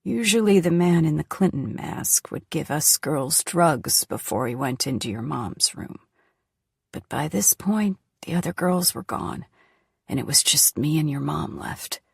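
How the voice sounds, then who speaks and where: A woman reading the part of a frail, sick middle-aged woman who tells her story in a weak, halting, tearful way. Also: deep voice, expressive, creaky, slightly rough, dry recording, studio quality, heavily acted. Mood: confessing. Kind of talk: audiobook character voice.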